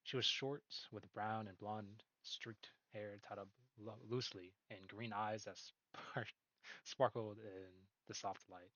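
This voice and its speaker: A man's voice: lowish voice, steady tone, slow pace, fairly bright tone, no echo. A man reading a story aloud in a casual way, laughing at his own slips. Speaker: reader. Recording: dull dry recording.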